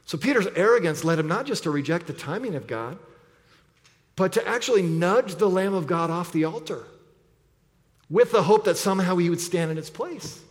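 A man preaching an earnest sermon as pastor, often dropping low and quiet to press a point. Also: lively intonation, normal speed. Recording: long hall reverb.

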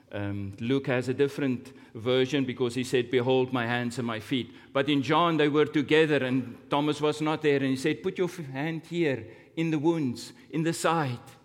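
A man preaching a sermon, telling a story slowly and dramatically, with big rises and drops in pitch and volume. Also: steady tone. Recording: long hall reverb.

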